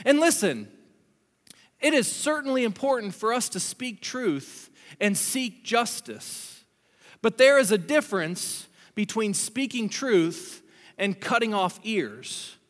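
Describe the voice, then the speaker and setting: A man preaching a sermon in a conversational, storytelling way, with animated asides to the congregation. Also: high voice, slow. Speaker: pastor. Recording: long hall reverb.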